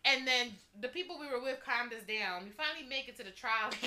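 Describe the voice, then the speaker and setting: A woman tells a story in a relaxed group chat, acting out each quoted line. Her voice sits high, with a very bright, sharp tone. She laughs often as she talks. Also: brisk. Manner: animated, laughing, acts out quoted dialogue. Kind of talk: casual storytelling.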